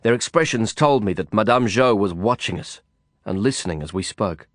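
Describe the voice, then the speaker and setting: A man reading a novel aloud in first person, measured and reflective. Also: fairly low pitch, lively intonation, no room sound, studio quality. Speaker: audiobook narrator. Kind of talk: first-person audiobook narration.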